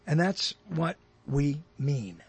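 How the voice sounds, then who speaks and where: Older male radio host, high husky voice, rambling and jokey, dry close mic. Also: very animated, slow, no echo. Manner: rambling, jokey, self-deprecating asides. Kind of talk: solo radio talk, rambling.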